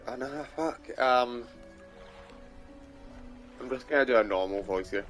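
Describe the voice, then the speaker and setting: A man's voice: medium pitch, a little slow, pauses often, fairly bright tone, soft background music. Mumbling Scottish man playing a game. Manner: casual, swears often, mutters. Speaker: gaming streamer. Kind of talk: let's play commentary.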